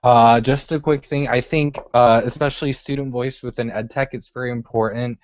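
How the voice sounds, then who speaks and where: A man on an online panel giving steady, earnest remarks. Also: medium pitch, moderate pace, a little hiss or hum. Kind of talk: prepared remarks on a call. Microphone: video call. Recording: dry lo-fi video call audio.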